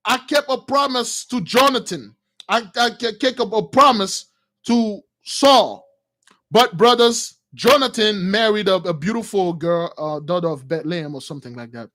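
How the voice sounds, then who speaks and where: High-voiced man retelling a Bible story. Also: moderate pace. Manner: acts out characters, shouts and laughs; loose, slangy retelling with restarts. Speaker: preacher.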